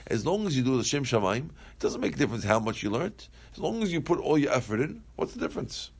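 A man leading a Talmud study class, switching between Aramaic readings and plain English explanations. He talks conversationally, asks rhetorical questions and takes students' remarks. His voice is of middle pitch. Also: big pitch swings, quick pace, gravelly, breathy edge. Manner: conversational, questions the text aloud, answers students. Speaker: Talmud teacher.

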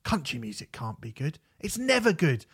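Man, podcast co-host, sweary ranter with a lively, up-and-down delivery. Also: on the high side, normal speed, slightly rough. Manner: sweary, ranting, animated. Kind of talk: casual chat, album review.

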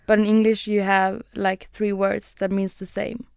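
A young Swedish woman co-hosting a casual podcast in halting, giggly English with a Swedish accent. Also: medium pitch, level tone, creaky, clear, resonant tone, no room sound, clean studio sound. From Sweden. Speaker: podcast co-host. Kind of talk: casual chat.

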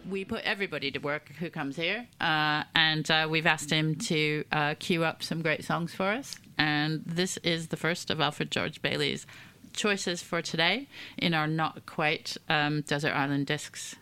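A Canadian woman hosts a casual radio show, her voice low-pitched but bright and forward. She talks chattily, laughs easily, and leans on ums and uhs. The sound is a studio mic. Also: a little slow, clean tone. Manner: chatty, laughing, filler-heavy. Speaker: radio host.

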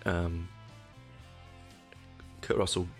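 In a very low, gravelly voice, a middle-aged man delivers a casual solo podcast monologue extremely slowly and in a level tone. He rambles, stumbles over his words and fixes them as he goes, adding dry asides over faint soft music.

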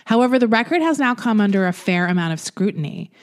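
A woman co-hosting a casual podcast, her pitch bouncing all over as she reads a news story aloud. She breaks into giggles and jokes at her own reading. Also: expressive, fast. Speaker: podcast co-host. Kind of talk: casual chat.

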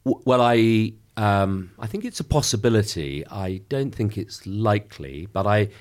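A middle-aged man, a member of Parliament, giving a measured, emphatic political interview with frequent restarts. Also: lowish voice, expressive.

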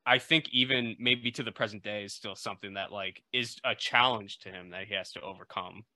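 A male podcast co-host with a bright, forceful voice talks in long animated runs and acts out the interviewers he quotes. His recording is dry and close, with no room sound. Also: lowish voice, brisk, dry recording. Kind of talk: casual podcast discussion.

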